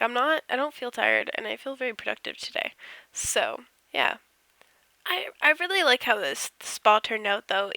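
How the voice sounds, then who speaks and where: A woman's voice: on the high side, bright, forceful tone, no room sound. A woman casually narrating over her game build, rambling and self-deprecating, yawning as she goes. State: tired, yawning.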